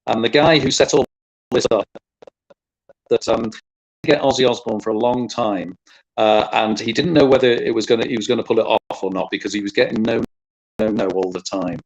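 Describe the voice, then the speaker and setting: British male guest, mid pitch, halting, stop-start explaining. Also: fairly even intonation, muffled recording. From United Kingdom. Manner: explains at length, halting restarts. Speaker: guest co-host. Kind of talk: casual chat.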